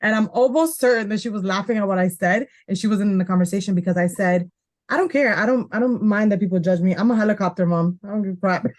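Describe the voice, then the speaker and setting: A woman's voice: medium pitch, quick pace, darkish tone. A woman who is a mother, telling a story frankly and unapologetically in a casual podcast chat.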